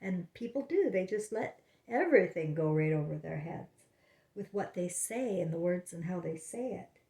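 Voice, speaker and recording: A spiritual vlogger talks at a moderate pace in a lowish, mellow and expressive voice, rambling casually in her home living room. She meanders with many fillers and restarts, and the audio has a roomy echo.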